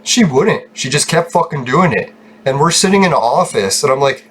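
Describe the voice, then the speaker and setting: A man's voice: fairly high pitch, expressive, brisk, fairly bright tone, slight background noise. A young man, chatting casually while gaming, rambling, swearing freely and laughing often. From Canada. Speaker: gaming channel host.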